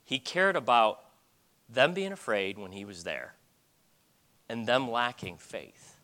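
A middle-aged man preaching a sermon in an animated way, often restarting his sentences. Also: mid-range voice, slow.

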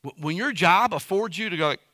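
A man preaching a sermon as pastor, in a lively, conversational way with everyday stories and folksy grammar. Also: high voice, fairly quick, dry recording, studio quality.

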